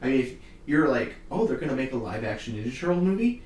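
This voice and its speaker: A man's voice: medium pitch, big pitch swings, fast, a little mellow, recorded from a distance. A young man rants about movies in a casual podcast, cursing freely and laughing between complaints. He sits back from the mic, so his voice carries a roomy echo. A faint hiss sits under the talk. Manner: heated, profane ranting with laughs. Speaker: podcast host. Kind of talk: casual chat.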